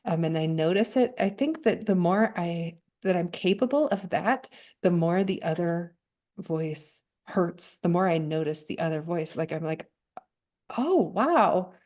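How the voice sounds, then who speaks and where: A woman guest poet speaks in a thoughtful, halting way, often pausing to restart a phrase and letting soft laughs slip in. Her voice sits a little low and sounds mellow and warm. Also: animated. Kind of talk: reflective conversation.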